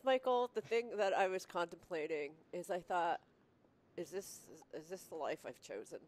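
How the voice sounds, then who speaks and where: A woman's voice: lowish voice, lively intonation, moderate pace, darkish tone. A woman hosting a casual conversation, reflective and rambling, often laughing and restarting her sentences. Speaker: podcast host.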